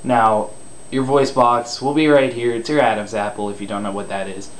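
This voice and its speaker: A man's voice: fairly low pitch, fairly even intonation, moderate pace, a little hiss or hum. A man giving a casual spoken tutorial on screaming, loose and rambling, self-deprecating and crude.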